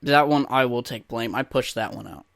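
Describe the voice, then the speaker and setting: A man's voice: medium pitch, moderate pace, vocal fry, a bit bright, dry recording. A man in his twenties hosting a podcast, telling rambling, profane, self-mocking stories in a casual way. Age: 20s. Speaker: podcast host. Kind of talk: casual crude storytelling monologue.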